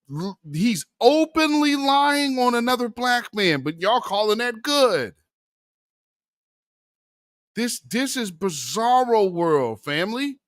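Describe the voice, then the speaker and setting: A man's voice: high voice, a bit bright, no echo, clean studio sound. A man hosting a political commentary vlog, impassioned and preachy, calling his viewers family and brother. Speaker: commentary channel host.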